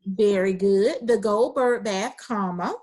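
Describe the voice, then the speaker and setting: A woman's voice: medium pitch, a little mellow. A woman teacher running an online class over a video call, encouraging students and praising their answers often. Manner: reads sentences aloud slowly.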